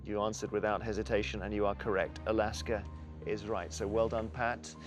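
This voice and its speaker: A man's voice: fairly low pitch, little pitch movement. Man hosting a quiz, faint music. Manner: measured, reads questions clearly. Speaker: quiz host.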